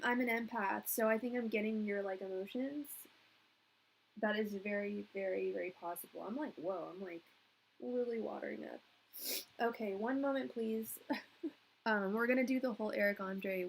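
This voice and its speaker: Gravelly-voiced young woman reading tarot. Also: medium pitch, a bit bright, low-quality recording. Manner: chatty and emotional, laughing often. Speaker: tarot reader. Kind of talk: live-stream tarot reading.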